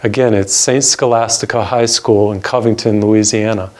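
Older priest telling a story. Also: male voice, lowish voice, fairly even intonation. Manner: earnest storyteller, slows down to stress key words. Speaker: Catholic priest. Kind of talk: storytelling sermon.

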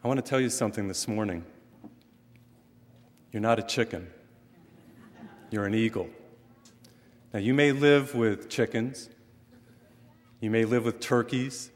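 A middle-aged man from western Massachusetts, a priest preaching a sermon with animated emphasis and light humor. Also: on the low side, a little slow, long pauses. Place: church. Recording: long reverb from a large hall.

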